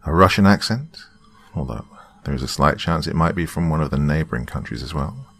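A man giving a slow, dramatic scripted horror narration that drops into whispers for effect. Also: rumbling low, expressive, vocal fry, breathy edge.

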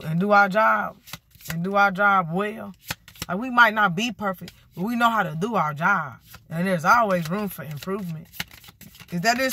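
Woman tarot reader, sassy, animated, bright forceful voice, casual spiritual vlog. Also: on the low side, husky, no echo. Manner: animated, sassy, talks straight to viewers.

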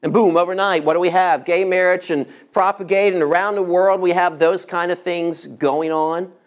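Pastor in his fifties, tenor-high voice, impassioned sermon delivery with sudden hushed moments. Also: fairly even intonation, normal speed. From United States. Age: 50s. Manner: impassioned preaching, rhetorical questions, drops to near whispers on key words.

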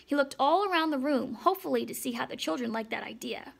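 A woman narrating a children's story aloud in a measured, lightly expressive reading. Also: high voice, gravelly, slightly rough. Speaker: audiobook narrator.

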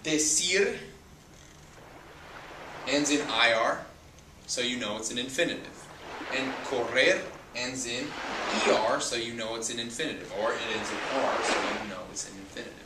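A man's voice: mid-range voice, normal speed. A man teaching a Spanish lesson, patiently repeating and spelling out words as he explains verb endings. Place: outdoors at a beach. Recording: roomy, distant mic with loud noise.

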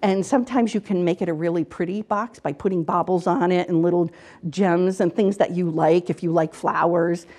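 A woman's voice: on the low side, fairly even intonation, moderate pace, warm tone. A middle-aged woman, an author and counselor, talking earnestly in a casual interview and repeating her words as she gives advice. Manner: earnest, repeats words, acts out quotes in dialogue. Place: local TV studio interview.

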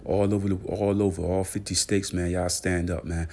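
A man with a very deep, gravelly voice hosts a casual celebrity news vlog. His pitch stays low and flat as he piles on fillers, shout-outs and hype for his viewers. His delivery repeats itself and runs loose and conversational. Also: normal speed. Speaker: channel host.

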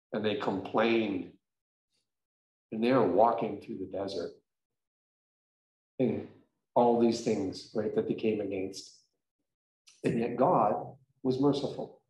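A man's voice: fairly low pitch, mellow. A male pastor telling a story in a conversational, emphatic sermon. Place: church sanctuary. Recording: echoey church room.

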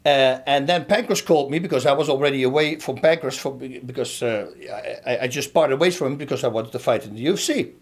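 A man's voice: medium pitch, fast, few pauses. A middle-aged man, a former fighter, telling a story and breaking down a fight for his viewers in a casual, emphatic way. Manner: animated, emphatic, talks straight to viewers.

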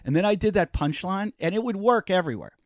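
A podcast guest with a high-sitting voice talks quickly, captured in a dry, clean studio recording. His casual storytelling is animated, he swears freely, and he acts out the voices of people he quotes.

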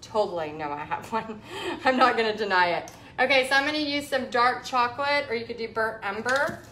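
A woman with a Texan drawl chats her way through a painting lesson, rambling as her brush works. Her voice sits a little high. The room gives it a noticeable echo. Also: brisk, pushed and bright, a little hiss or hum. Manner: chatty and rambling, talking while painting. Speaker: painting instructor. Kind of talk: live painting tutorial chat. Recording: echoey room.

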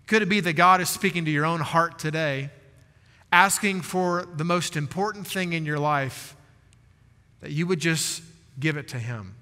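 A male pastor preaching a sermon in an earnest, emphatic way with dramatic pauses. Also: fairly high pitch, sharp tone. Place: large church sanctuary. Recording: church hall reverb.

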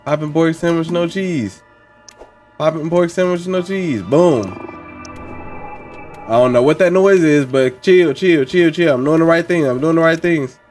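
Talking along as he plays, this young gaming channel host repeats phrases in chanting, rhythmic bursts during a let's play. He speaks a little slowly, on the high side, with a darkish tone over soft background music.

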